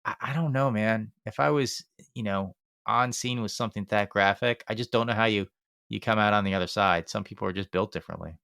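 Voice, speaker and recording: A man's voice: fairly low pitch, a little fast, vocal fry, a bit bright, clean tone, no room sound, clean studio sound. A man hosting a podcast, chatty and reactive, with lots of fillers, who wraps up the show. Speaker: podcast host. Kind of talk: casual chat and show outro.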